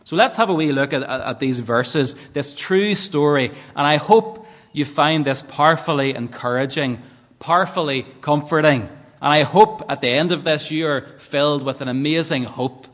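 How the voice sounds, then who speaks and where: A Northern Irish man preaches a sermon, earnest and leaning on rhetorical tag questions. His voice sits a little high for a man. It carries a long reverb from a church hall. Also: normal speed, a bit bright.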